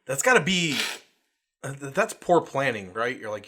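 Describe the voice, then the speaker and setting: Very animated, with a pushed, bright mid-range voice at normal speed, this man co-hosts a podcast. He keeps the chat casual, joking and laughing frequently.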